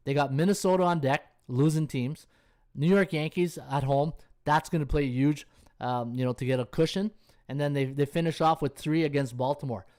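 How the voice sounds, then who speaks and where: On a sports betting podcast, a man with a fairly high, darkish voice rambles casually in a live-stream chat, thinking out loud and checking schedules on screen. He talks to his chat viewers, with many fillers and restarts.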